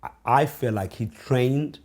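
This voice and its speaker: In a casual interview, a guest who is an author, a South African man in his forties, shares memories of growing up. His medium-pitched voice falters and restarts, pausing often, then drops into quiet, reflective storytelling.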